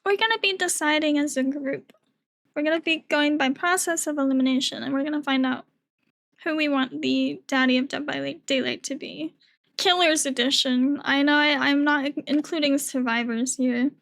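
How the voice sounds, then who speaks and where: A woman streams live, her high voice sitting well above the usual range. Her tone is bright and sharp, and her chat is loose, with casual swearing. A sore throat and a cough drop in her mouth colour how she talks. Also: fairly even intonation, moderate pace, vocal fry.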